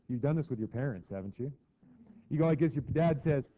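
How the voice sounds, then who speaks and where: A man's voice: medium pitch, lively intonation, a little fast, mellow. A middle-aged man teaching a history lesson to a class in a chatty way, acting out quotes with mock voices. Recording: dull lo-fi classroom recording.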